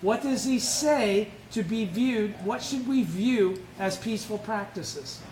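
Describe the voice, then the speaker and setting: A man's voice: high-pitched, slow pace, a little mellow. A man leading an informal Buddhist study lecture, blunt and emphatic, who keeps putting questions to the group. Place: indoor meeting room, live-streamed. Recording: echoey room with faint noise.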